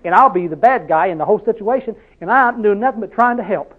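A man's voice: sits high, lively intonation, fast, narrow, tinny audio. A man preaching a sermon in a conversational, storytelling way, driving each point home with repeated questions to the listeners.

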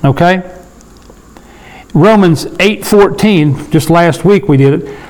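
A man leading a Bible study sermon in a conversational way, slowing down to read scripture and often asking his listeners for agreement. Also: high-pitched, darkish tone, rough recording. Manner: conversational, asks the room for agreement; slows down to read scripture aloud. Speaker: preacher.

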